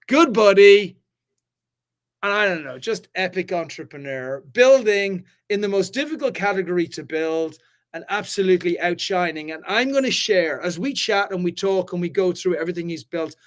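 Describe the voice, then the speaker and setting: A man hosting a live business talk, hyped and fast-flowing, swearing casually and swinging between loud and quiet. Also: sits high. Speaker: host. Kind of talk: energetic live-stream chat.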